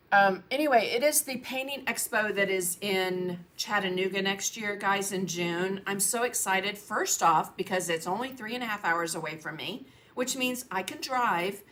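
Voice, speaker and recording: In her home studio, a painting teacher chats on her livestream, laughing often and greeting viewers by name. She sounds a bit bright at medium pitch and unhurried, though she's coughing with a frog in her throat.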